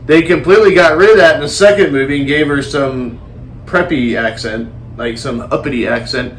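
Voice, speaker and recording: Rambling, animated male podcast host. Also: a little high, moderate pace, slight background noise. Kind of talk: casual movie review chat.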